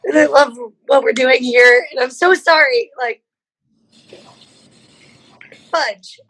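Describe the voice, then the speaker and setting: A woman's voice: high voice, normal speed, fairly bright tone, no room sound, poor audio. A woman giving judge feedback over a video call, emotional, giggly and apologetic. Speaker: contest judge.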